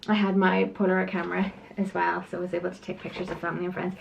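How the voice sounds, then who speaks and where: A woman's voice: on the low side, level tone, racing, creaky, lo-fi sound, a little hiss or hum. A woman talking in a casual, chatty vlog. She is out of breath, often apologizes, and sighs and laughs as she talks. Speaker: vlogger.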